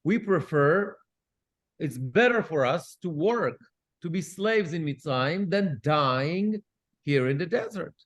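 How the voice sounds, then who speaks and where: A cantor leads a Bible study class, reading Hebrew verses aloud and translating them while posing lively questions. His voice is fairly high and his pace slow.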